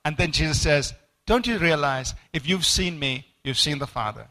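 A male preacher teaches a sermon from a study book at a moderate pace, his voice high and ringing bright. He becomes animated acting out quoted speakers and stumbles over repeated words and fillers.

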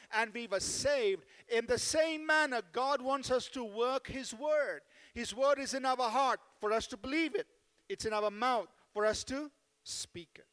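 A man's voice: very high voice, fairly bright tone. A man preaching a sermon as pastor, asking the congregation for amens and leading them in a spoken declaration. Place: church sanctuary. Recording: long hall reverb.

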